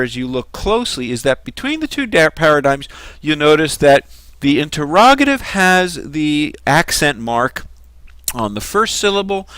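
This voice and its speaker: A man's voice: mid-range voice, a bit bright, no room sound. A man giving a recorded lecture on Greek grammar, explaining patiently and methodically.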